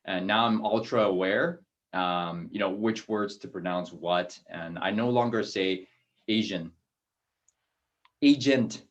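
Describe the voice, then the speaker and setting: A man hosting an interview on a video call, chatty and relaxed, with plenty of ums and restarts. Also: low-pitched, slow, highs cut off. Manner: relaxed, many fillers and restarts. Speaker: host. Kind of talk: casual interview.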